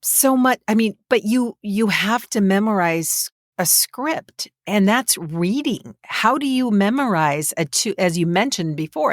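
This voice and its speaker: A woman's voice: medium pitch, no echo, clean studio sound. A woman hosting a podcast interview who asks long, winding questions and affirms her guest. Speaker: podcast host.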